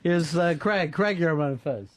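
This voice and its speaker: With a fairly high, lively voice and a slightly slow delivery, the radio host talks through a studio microphone in the studio. He trades wry, profane jokes casually with his co-host and the people calling in.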